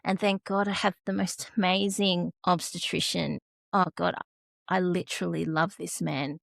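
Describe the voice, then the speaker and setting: A woman's voice: on the low side, flat delivery, moderate pace, vocal fry, dry recording. An Australian woman, a podcast guest, telling an emotional personal story. She is close to tears and often restarts her sentences.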